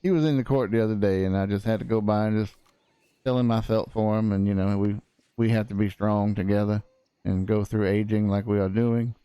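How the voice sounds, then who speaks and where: Rambling folksy man, smooth low voice. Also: steady tone, a little fast, dark tone, dry recording. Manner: rambling, folksy, full of fillers. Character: cranky old frontier lawyer. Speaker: prosecutor. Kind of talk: in-character roleplay chat.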